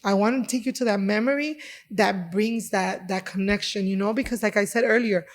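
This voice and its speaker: A woman chef from Chicago tells stories in a lively, expressive way, slipping into the voices of the people she describes. Her voice sits at a medium pitch and sounds conversational and natural. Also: a little fast. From Chicago, United States. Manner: animated, acts out dialogue in her stories. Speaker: chef and restaurant owner. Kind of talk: conversational storytelling.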